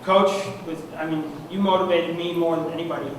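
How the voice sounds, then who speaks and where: A young man with a high voice accepts an award in a heartfelt, halting speech, clearly emotional. He is recorded from far off in a large, echoing banquet room at an annual meeting, with a steady hum of noise around him.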